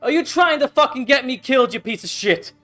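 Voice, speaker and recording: A man voicing a portly human mercenary boss who shouts and curses in a fury. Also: fairly high pitch, moderate pace, faint music behind, voice pushed up. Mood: furious. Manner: shouting, cursing, fuming.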